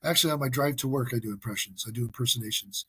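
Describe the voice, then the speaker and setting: Husky guy hosting his own podcast, earnest, restarts a lot, dry sound. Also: medium pitch, racing, pushed and bright, no echo. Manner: earnest and self-deprecating, with frequent restarts. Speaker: podcast host. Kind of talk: casual solo podcast monologue.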